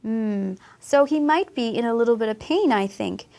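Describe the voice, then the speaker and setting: A woman teaching English who talks young learners through a picture book, asking them gentle questions. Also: a little high, creaky. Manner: slow, warm, questioning teacher talk.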